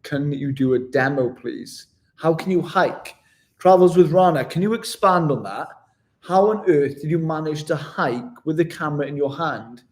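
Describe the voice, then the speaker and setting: Answering viewers' questions in a casual live vlog Q&A, this West Yorkshire man keeps things self-deprecating and calls everyone "mate." He speaks at normal speed in a voice on the high side.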